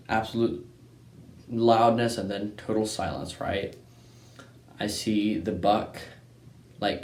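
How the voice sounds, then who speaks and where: With a fairly low, darkish voice, a young Texan hunting-channel host casually rambles through a hunting story. He keeps tossing in "right?" and "anyways", and the room echoes with a little background noise.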